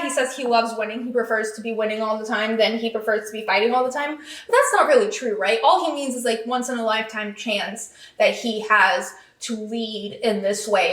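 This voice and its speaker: Chatty high-voiced woman in a roomy space. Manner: chatty, excitable, lots of "like" and "um". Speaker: podcast host. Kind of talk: casual race recap.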